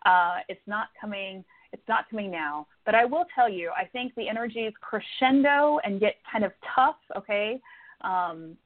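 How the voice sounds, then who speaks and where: A woman's voice: medium pitch, expressive, moderate pace. A woman psychic medium giving call-in readings on the radio, talking emphatically and repeating words for stress. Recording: phone-line sound.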